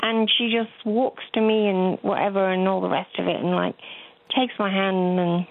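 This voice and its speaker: A woman's voice: mid-range voice, little pitch movement, moderate pace, creaky. An older woman, calling in to a radio show and telling a rambling, chatty story. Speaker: caller. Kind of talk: phone-in chat. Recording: tinny phone line.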